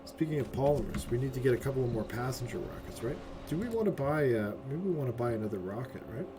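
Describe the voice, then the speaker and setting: A man's voice: mid-range voice, expressive, quick pace, background noise. Chatty swearing male game streamer. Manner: chatty, swears often, ends lines with "right?". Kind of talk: casual gameplay commentary. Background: game music.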